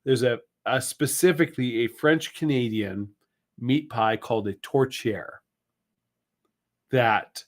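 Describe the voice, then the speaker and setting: A man co-hosting a live stream, chatting casually and rambling through jokes and food talk. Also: mid-range voice. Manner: rambling, jokey, drawn-out. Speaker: co-host.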